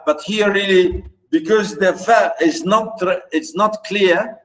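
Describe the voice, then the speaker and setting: Slow, high-voiced male lecturer. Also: rough recording. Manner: slow, repetitive, with many fillers and restarts. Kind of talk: classroom lecture on poetry.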